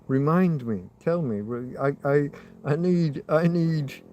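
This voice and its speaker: A man's voice: fairly high pitch, slow pace, warm tone, dull audio, a little hiss or hum. A man hosting a loose livestream chat with viewers from outdoors in a field, talking in a rambling, wry, self-mocking way with frequent restarts. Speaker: livestream host. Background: passing motorbike.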